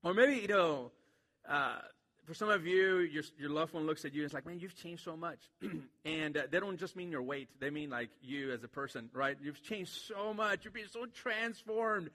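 A man's voice: a little high, lively intonation, normal speed, sharp tone, big-room sound. A man preaching a sermon to a church congregation in a casual, joking way, with many fillers. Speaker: pastor.

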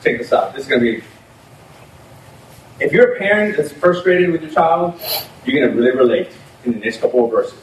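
A man preaching a sermon in an animated, conversational way, often breaking into laughter. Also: medium pitch, a little fast, long pauses. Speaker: pastor. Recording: echoey room, mic at a distance, faint noise.

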